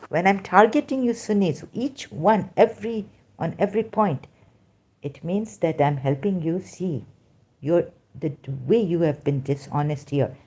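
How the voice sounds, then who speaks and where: A woman's voice: lowish voice, animated, measured pace, darkish tone, husky. A woman vlogger with a non-native English accent, talking straight to her viewers in an emphatic, rambling way. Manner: emphatic, rambling, addresses listeners directly. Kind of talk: unscripted monologue to viewers.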